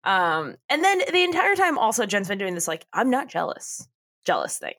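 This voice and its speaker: A woman's voice: mid-range voice, very animated, fairly quick, a bit bright. Giggly woman retelling a show's scenes. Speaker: podcast co-host. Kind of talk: casual chat recapping a TV show.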